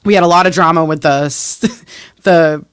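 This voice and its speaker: A woman's voice: low voice, moderate pace, clear, resonant tone, no room sound, clean studio sound. A woman co-hosting a podcast, telling a story in casual chat and acting out the dialogue with laughter. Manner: animated, laughing, acts out quoted dialogue. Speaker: podcast co-host.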